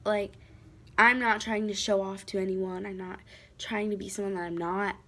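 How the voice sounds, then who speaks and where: A teenage girl vlogs from home, chatting to her camera in a casual, emotional confession full of fillers, restarts and rambling. Her mid-range voice stays level in tone at a normal speed, with a pushed, bright quality.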